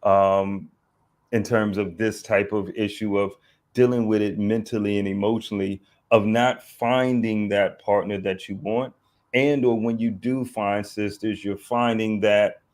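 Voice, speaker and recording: A man's voice: on the low side, steady tone, a little slow, darkish tone. A man hosting an online discussion who rambles, restarts his sentences and banters easily with his guests. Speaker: host.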